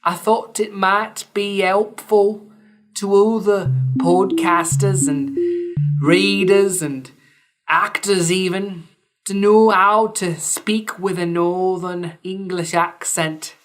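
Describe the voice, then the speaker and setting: A woman's voice: mid-range voice, steady tone, slow, faint music behind. A woman podcast host giving a scripted explainer lesson, with dry, wry asides between points.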